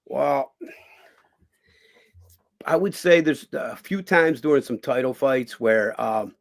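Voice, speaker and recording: Philly man with a gravelly edge, a former fighter spinning lively ring stories and acting out what people said, salty language and all. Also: medium pitch, takes it slowly. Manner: animated storyteller who acts out other people's lines and swears freely. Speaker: guest, former boxer and cut man. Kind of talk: casual interview storytelling.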